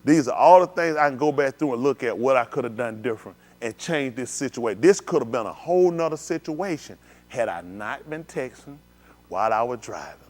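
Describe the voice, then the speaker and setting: Animated man preaching with big swings. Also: fairly quick. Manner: animated, swings from low murmurs to loud exclamations. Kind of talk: sermon with live demonstration. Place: synagogue hall.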